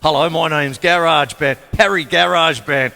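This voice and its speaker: A man's voice: fairly high pitch, moderate pace, creaky, sharp tone. A man voicing a laid-back talking music app. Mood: breezy. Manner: casual, chatty. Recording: long hall reverb, faint drums.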